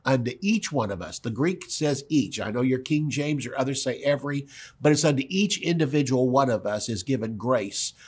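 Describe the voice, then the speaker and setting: A man's voice: mid-range voice, normal speed, darkish tone, slightly rough. A male pastor teaching verse by verse on a broadcast, stressing and repeating key words.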